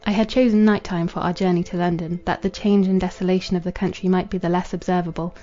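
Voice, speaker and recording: Flat, mellow woman reading a novel aloud. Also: lowish voice. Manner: measured, formal reading. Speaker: audiobook narrator. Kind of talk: scripted literary narration. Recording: dull lo-fi with faint music.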